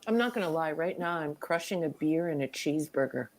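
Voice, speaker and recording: A woman's voice: sits low, lively intonation, a little fast, darkish tone. A woman on a casual review podcast, speaking in an earnest, thoughtful and opinionated way.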